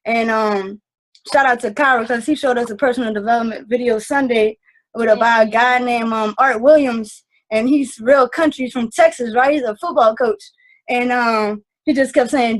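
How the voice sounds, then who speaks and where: A woman's voice: a little high, rough recording. A woman giving a casual testimonial on a video call, earnest and rambling, with lots of fillers. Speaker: team member sharing takeaways.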